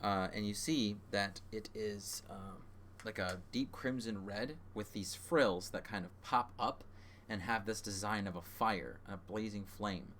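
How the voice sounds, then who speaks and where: A man narrating as game master of a tabletop game, halting with frequent fillers. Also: on the low side, a bit bright, a little hiss or hum.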